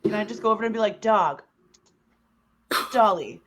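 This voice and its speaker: A woman's voice: fairly high pitch, completely flat delivery, racing, fairly bright tone, dull audio. A woman playing a tabletop role-playing game, giggly and teasing in playful banter. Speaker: player.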